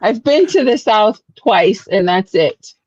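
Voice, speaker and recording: A woman's voice: medium pitch, animated, slow, a little mellow, dry recording, lo-fi sound. A woman from the Pacific Northwest in a casual chat, giggly and self-deprecating.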